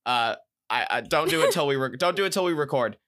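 Bright-voiced rambling young man. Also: on the high side, animated, fast talker. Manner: rambling, self-correcting, enthusiastic. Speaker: podcast co-host. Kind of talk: casual chat.

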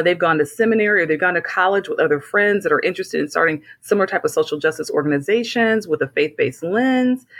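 A woman's voice: lowish voice, fairly bright tone. A woman speaking as a guest in a casual conversation, explaining her points thoughtfully.

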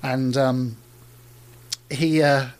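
A middle-aged man with an ordinary mid-pitched voice tells stories in a casual interview. He sounds animated, laughs often and restarts his sentences. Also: extremely slow. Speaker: car designer, guest.

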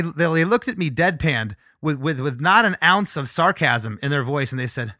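Bright, dry-voiced middle-aged man telling stories. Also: a little high, animated, normal speed, no room sound. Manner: rambling, laughs often, restarts. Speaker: touring musician guest. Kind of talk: casual interview storytelling.

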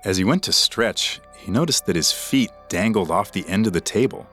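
A man narrating a scripted true story for a podcast in a measured, dramatic way. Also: fairly low pitch, animated, fairly bright tone, soft background music.

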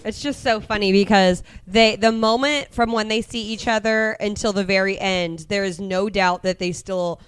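A woman co-hosting a casual film podcast, enthusiastic and quick to laugh. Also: medium pitch, steady tone, clean tone. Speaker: podcast co-host. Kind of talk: casual chat.

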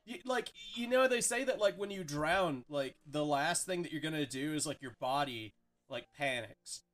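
A man's voice: fairly high pitch, animated, moderate pace, fairly bright tone. Rambling, cursing young man host. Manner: rambling, profane, heavy filler "like". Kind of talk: casual podcast chat.

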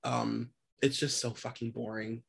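Slangy, halting podcast co-host. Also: mid-range voice, level tone, creaky, fairly bright tone, breathy edge. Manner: slangy, halting restarts, swearing. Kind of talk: casual chat.

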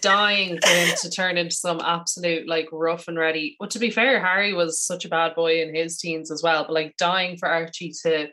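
A woman co-hosting a podcast in casual chat, gossipy and animated, often saying "like". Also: on the low side, normal speed, hardly any pauses. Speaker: podcast co-host.

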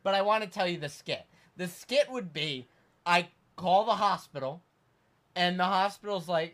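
A young man hosting a podcast, telling a story in a casual, animated way and breaking into loud outbursts. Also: high voice, moderate pace. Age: young adult. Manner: animated, acts out quoted voices, loud outbursts. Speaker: podcast host.

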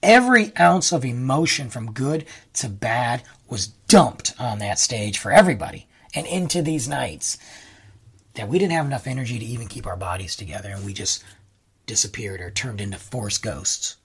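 On the show he hosts, a podcaster recounts a rambling personal story at a moderate pace in a slightly rough voice. He's casual and animated, and his pitch jumps up for excited moments.

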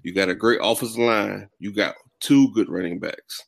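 A man's voice: on the low side, normal speed, gravelly. A man joining a casual sports podcast who bluntly teases a host about his team. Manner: teasing, blunt.

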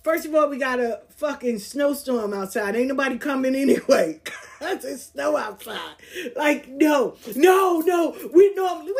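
A woman's voice: sits high, a little mellow. A woman hosting a podcast, telling stories casually in a blunt, profane, streetwise way and laughing as she goes. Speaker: podcast host. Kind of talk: casual storytelling.

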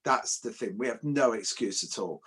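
A man from England co-hosting a casual martial arts discussion, joking and animated. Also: medium pitch, normal speed, crowd noise. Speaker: martial arts show co-host.

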